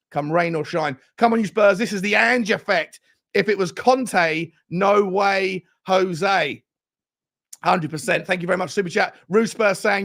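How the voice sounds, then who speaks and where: A man hosting a fan show livestream, reading out viewer super chats with excitable, slangy banter. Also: high voice, gravelly.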